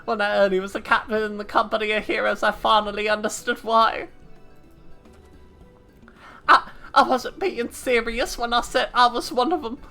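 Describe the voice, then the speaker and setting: Girl doing a high whiny liar adventurer dude, stammery, goofy fake accent, begging. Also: steady tone, moderate pace, vocal fry, bright, forceful tone, faint music behind. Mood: pleading. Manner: pleading, stammering, put-on silly accent. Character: panicky lying male adventurer with a rough accent.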